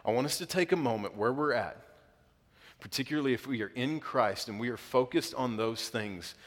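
A man, preaching a sermon and leading prayer, earnest and building to emphatic peaks with halting restarts. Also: mid-range voice. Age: 30s. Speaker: pastor. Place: church auditorium. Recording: long hall reverb.

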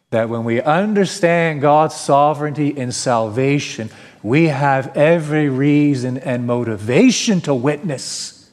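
A man's voice: medium pitch, expressive, measured pace. A male pastor preaching a sermon, earnest and emphatic, asking rhetorical questions. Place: church sanctuary. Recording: long reverb of a church hall.

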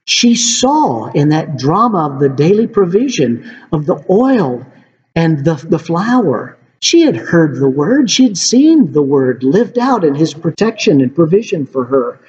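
A man's voice: a little high, big pitch swings, unhurried, a little mellow. A man preaching a sermon in an earnest way, often calling his listeners friends. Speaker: pastor. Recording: dull reverberant hall recording.

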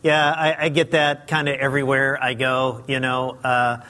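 A man with a high, light voice preaching as a guest pastor, chatty and self-deprecating, with many fillers. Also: flat delivery, moderate pace, pushed and bright. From Southern California. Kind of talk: sermon. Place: church sanctuary.

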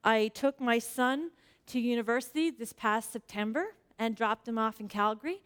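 Earnest higher-voiced woman preacher. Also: moderate pace, fairly bright tone, smooth. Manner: earnest, chatty, storytelling; frequent fillers like "like". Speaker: church speaker. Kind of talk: personal sermon with prayer.

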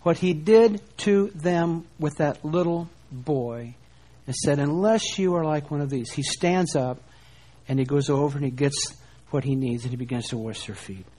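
Animated preacher with a raised voice. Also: male voice, fairly high pitch, measured pace, husky. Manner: animated, rising and falling emphasis, rhetorical questions. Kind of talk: sermon.

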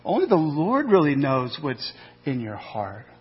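A man preaching from the pulpit, slightly higher-pitched than most, with a husky edge. He's animated, throws rhetorical questions at the congregation and acts out little asides. The recording is dull and muffled, with long reverb from the church hall. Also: unhurried. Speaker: pastor. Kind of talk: sermon. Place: church sanctuary.

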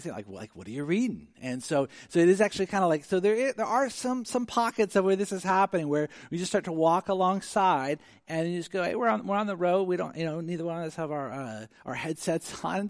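A man's voice: medium pitch, no echo, studio quality. A man preaching a conversational sermon, telling stories with lots of fillers and acted-out asides. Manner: conversational, animated storytelling with many fillers. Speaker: pastor.

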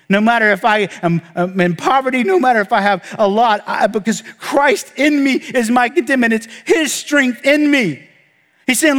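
A man pastor preaching a sermon with emphasis, rising to animated peaks and sinking to low hushed stretches. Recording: long hall reverb.

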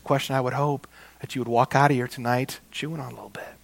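A man preaching a sermon, slow and emphatic, repeating key phrases and calling his listeners "guys". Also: mid-range voice, steady tone, creaky.

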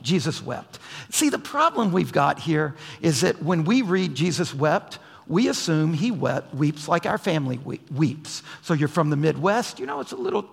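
A man preaching a sermon with a high, gravelly, husky voice, swinging between quiet low passages and raised emphatic lines. His words carry a long hall reverb from the church sanctuary. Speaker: pastor.

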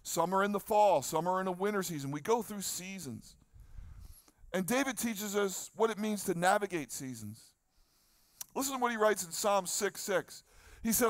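An older man preaching a sermon outdoors, lively, asking the crowd questions and acting out the psalms he quotes. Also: high-pitched, moderate pace, no room sound. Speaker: pastor. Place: outdoor lawn gathering.

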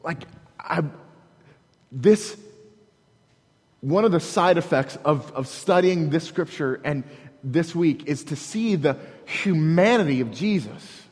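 A man preaching a sermon as a pastor, earnest and halting, often repeating words as he restarts, breaking into dramatic quoted prayers. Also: on the high side, animated, a little mellow, husky, in a large hall.

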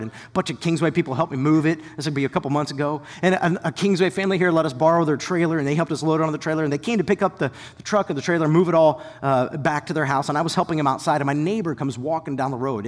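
Male pastor, lively sermon delivery with whispered drops, slightly high voice. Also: in a large hall. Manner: dynamic preaching, dropping to hushed whispers for emphasis; animated storytelling with quick asides.

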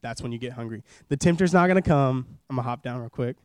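Smooth-voiced young man preaching casually. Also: mid-range voice, quick pace, no echo, clean studio sound. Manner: casual, joking, repeats phrases for emphasis. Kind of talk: sermon. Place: church service.

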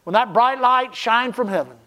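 A man preaching a sermon as pastor, stressing key phrases slowly and then dropping to a hushed tone. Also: extremely high pitch.

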